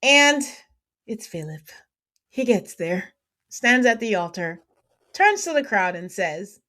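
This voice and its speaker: A woman's voice: medium pitch, takes it slowly, pauses often. A woman hosting a podcast, chatting casually and acting out quotes with lots of laughter. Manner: animated, laughing, acts out quotes. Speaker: podcast host. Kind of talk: casual recap chat.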